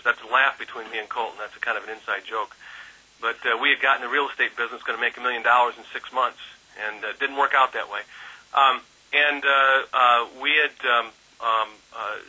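A man's voice: medium pitch, bright, forceful tone, breathy edge, rough recording. A man who works as an insurance agent, telling a rambling personal story on a phone conference call, full of fillers and restarts. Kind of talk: casual testimonial.

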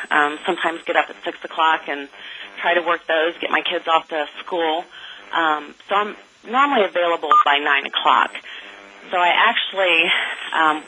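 A woman's voice: lowish voice, bright, forceful tone, slightly rough, low-quality recording. A woman who sets appointments, talking casually about her work with many "um" and "you know" fillers. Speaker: appointment setter.

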